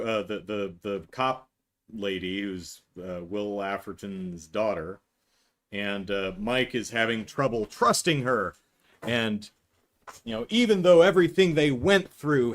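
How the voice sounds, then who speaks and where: Exasperated man ranting about a movie. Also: medium pitch. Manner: exasperated, sarcastic, mocking acted quotes. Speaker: podcast host. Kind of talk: casual movie review monologue.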